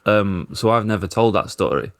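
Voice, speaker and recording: A man's voice: fairly low pitch, animated, moderate pace, no room sound, clean studio sound. A man with a Northern English accent, a football journalist telling self-deprecating stories in casual podcast chat.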